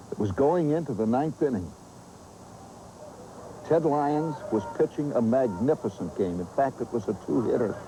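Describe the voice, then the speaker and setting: Hosting the show, a man with a medium-pitched voice spins an animated, nostalgic, humorous story laced with vivid asides. Poor audio adds a little hiss or hum.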